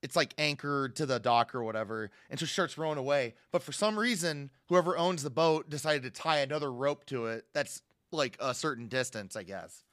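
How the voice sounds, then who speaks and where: A man's voice: medium pitch, a little fast, few pauses, fairly bright tone, no room sound, clean studio sound. A young man chatting casually as a podcast co-host, recapping a movie in a rambling way and acting out quotes. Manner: rambling, acts out quotes with raised voice.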